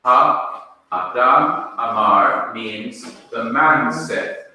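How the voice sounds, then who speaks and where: A man with a Jamaican accent teaching a language class in a classroom, speaking deliberately and quizzing his students with questions. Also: mid-range voice, pushed and bright. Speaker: Bible teacher. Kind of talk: classroom lecture. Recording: echoey room, mic far off.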